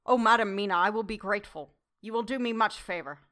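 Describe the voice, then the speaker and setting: A woman voicing an old male foreign professor in an audiobook, earnest and effusive, speaking in slow, broken formal English. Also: medium pitch, bright, forceful tone, lightly acted. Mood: courteous. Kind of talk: audiobook character reading.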